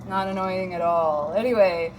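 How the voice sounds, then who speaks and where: A woman's voice: lowish voice, normal speed, background noise. A woman in her thirties, from Minnesota, tells a casual story on her vlog with a wry, self-mocking manner and plenty of swearing. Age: 30s. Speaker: vlogger.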